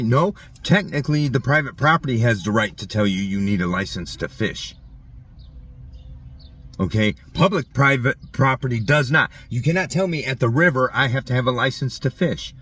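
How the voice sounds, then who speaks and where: This channel host has a medium-pitched, fairly bright, slightly rough voice at normal speed, recorded from a distance. He uses his vlog for an indignant, repetitive rant, ridiculing commenters who oppose his views.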